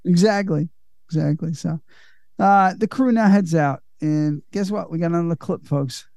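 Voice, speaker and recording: A podcast host recapping a film in casual, enthusiastic, profane chat. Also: male voice, on the high side, moderate pace, creaky, a little mellow, no echo.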